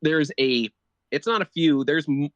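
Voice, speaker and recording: A man's voice: a little high, unhurried, no room sound, highs cut off. A man co-hosting a sports podcast, building his argument point by point with a loose, casual delivery. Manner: argumentative, laying out points with many "like" fillers. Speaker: podcast co-host.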